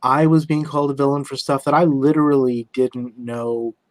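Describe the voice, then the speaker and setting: A man hosting a casual conversation, talking in a measured, hesitant way. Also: mid-range voice, little pitch movement, no echo. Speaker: host.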